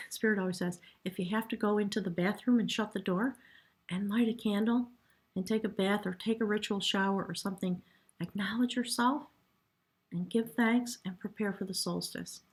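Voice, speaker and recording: In a mid-range, steady voice at a moderate pace, a woman tarot reader offers a soft, reverent spiritual reading. Now and then her voice falls to a hush and she becomes choked up.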